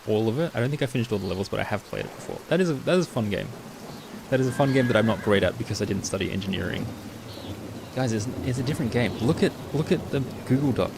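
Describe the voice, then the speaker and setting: Gravelly low-voiced male streamer. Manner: chatty, answering chat with quick asides. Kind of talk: casual live-stream chat. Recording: steady rain noise behind.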